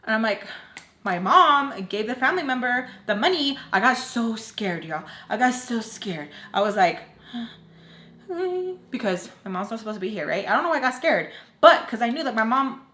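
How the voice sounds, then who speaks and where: A woman's voice: medium pitch, expressive, a bit bright. Ranting young woman, echoey room. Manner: fast casual rant with constant fillers. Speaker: vlogger. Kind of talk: storytime vlog.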